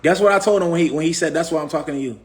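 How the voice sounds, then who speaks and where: Brief: high-pitched man, AAVE, preachy livestream motivational speaker, repeats himself. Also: very fast. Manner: preachy, repetitive, asks the audience questions. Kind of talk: casual motivational talk.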